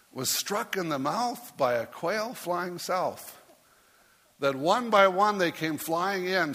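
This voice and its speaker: A man's voice: on the high side, a bit bright, long reverb tail. A man preaching as a pastor, reading a rhyming story aloud in a playful way and putting on voices for the characters.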